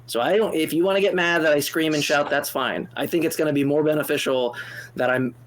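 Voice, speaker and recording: A man co-hosting a call-in debate show, animated and exasperated, speaking in fast bursts with restarts and swearing freely. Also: on the high side. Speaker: co-host answering a caller.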